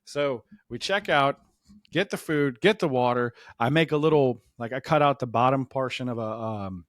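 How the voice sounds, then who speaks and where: Man, storytelling comedian, mid-range pitch, dry recording, animated delivery. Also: moderate pace, no room sound. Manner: animated, acts out the voices of the people in his story. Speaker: stand-up comedian.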